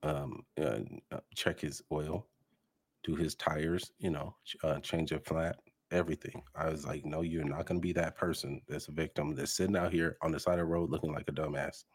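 Middle-aged man, very low husky voice, relaxed fatherly talker. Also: moderate pace. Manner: relaxed, fatherly, hesitant with fillers. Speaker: podcast guest. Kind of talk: casual chat.

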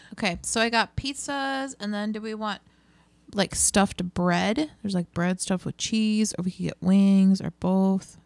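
A blunt, crude-joking woman chatting casually with a friend at a middle pitch. Her voice is recorded dry and close, with no room sound. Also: measured pace, vocal fry, darkish tone, no room sound. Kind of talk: casual chat.

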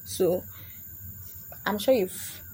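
A woman's voice: mid-range voice, drawn-out words, mellow. Young female podcaster, casual comedic monologue, playful and chatty, faint room noise. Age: young adult. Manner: chatty, laughing, slipping into put-on voices. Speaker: podcast host.

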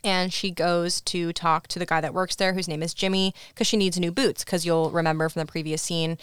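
A woman's voice: on the low side, brisk, clear, resonant tone, no echo, studio quality. Chatty young woman podcast co-host. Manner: chatty, animated storytelling with frequent "like". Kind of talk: casual podcast chat recapping a movie.

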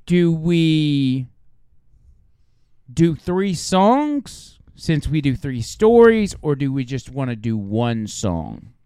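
A man's voice: on the high side, sing-song, slow, warm tone, smooth, no room sound, studio quality. A man hosting a casual chat, spitballing ideas for a segment. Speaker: host.

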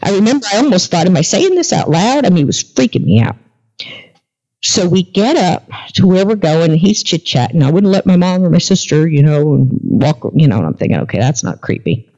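A woman's voice: on the low side, big pitch swings, fairly quick, warm tone. A woman guest on a podcast, telling a story in a casual interview and acting out the dialogue as she goes. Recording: dull lo-fi recording.

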